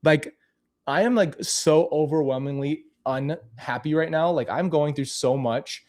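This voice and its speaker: A man's voice: on the high side, unhurried, darkish tone. A man talking casually and candidly to camera as a vlogger, commenting on old clips of himself with frequent restarts.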